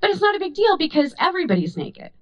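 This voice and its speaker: A woman's voice: very high voice, fast talker, muffled recording. A woman performing a stand-up comedy set on a club stage, telling stories animatedly into a handheld mic. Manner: animated storytelling with many voices.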